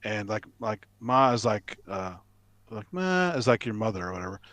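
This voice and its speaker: A man chatting on a video call, animated and often repeating words as he talks. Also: on the low side, normal speed, dry recording. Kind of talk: casual chat.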